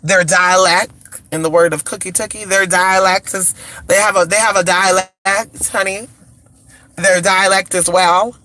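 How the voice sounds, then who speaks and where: A man from California chats casually on a live stream in a bright, forceful voice that sits a little high. He is flamboyant and sassy, calls his listeners honey and keeps cheering the chat on with "come on". He talks into a phone or computer mic. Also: fairly even intonation, a little slow.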